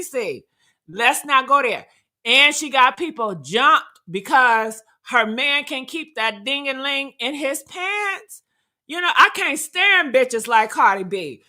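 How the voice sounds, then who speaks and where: A woman hosts a live reaction talk, speaking loudly and bluntly with plenty of profanity. Her voice sits high and sounds very bright and sharp. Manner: loud, blunt, profane, emphatic. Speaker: commentator reacting to comments.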